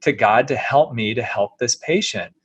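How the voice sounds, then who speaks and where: Middle-aged male surgeon guest, raspy edge, dead-dry recording, animated and sincere anecdotes. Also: mid-range voice, normal speed, no echo, dull audio. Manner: earnest, animated anecdote telling. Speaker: plastic surgeon, interview guest. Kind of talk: storytelling in an interview.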